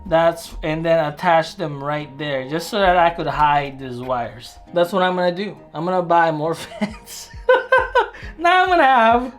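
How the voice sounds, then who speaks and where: An adult in their thirties talking casually to camera at home while building a computer, rambling and chatty, with self-deprecating asides, lots of filler words and the odd excited whoop. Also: medium pitch, a little slow, faint music behind. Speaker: hobbyist vlogger. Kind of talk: casual vlog narration while working.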